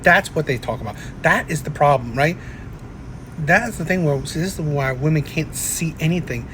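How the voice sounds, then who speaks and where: A man's voice: a little high, animated, normal speed, background noise. A man hosting reaction commentary, ranting and tagging his points with "right?". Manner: ranting, keeps asking "right?". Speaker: commentary host. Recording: echoey room.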